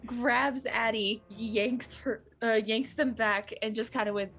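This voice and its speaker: A woman playing a tabletop role-playing game, describing her character's actions in an unhurried, chatty way. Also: fairly high pitch, fairly even intonation, a bit bright, faint music behind. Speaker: player.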